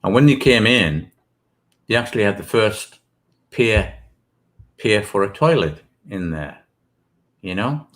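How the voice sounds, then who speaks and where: A man's voice: on the low side, animated, measured pace, long pauses. A British man, an author guest, chatting casually in an interview, rambling with many restarts and asides.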